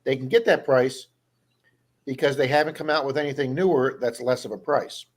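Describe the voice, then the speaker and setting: This man, a metal detectorist running a casual live stream, rambles through lengthy tales and acts out the folks he encountered. He speaks at a medium pitch and normal speed, with a bit of background noise.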